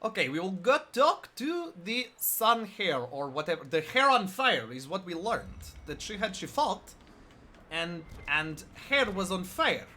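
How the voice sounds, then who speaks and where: A man streaming a video game, joking and riffing in animated commentary. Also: high voice, measured pace. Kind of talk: gameplay commentary.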